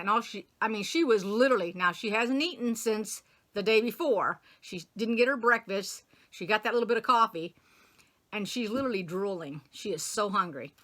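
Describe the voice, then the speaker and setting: A woman's voice: a little high, pushed and bright. A woman casually retelling a story she read, rambling, acting out the characters' lines and often laughing or admitting she forgot details. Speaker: quilting channel host.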